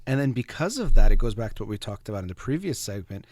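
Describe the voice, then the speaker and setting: Calm, reflective male therapist type; lower voice, dry close studio sound. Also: fast talker, dry recording. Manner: calm, reflective, explains with examples. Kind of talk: conversational explanation on a talk show.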